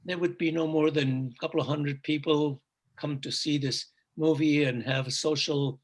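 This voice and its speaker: An older man, a native Urdu speaker, telling stories from his past in a reflective, halting way during casual chat. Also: on the high side, fairly even intonation. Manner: reflective storytelling, halting restarts. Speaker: guest, father of the hosts.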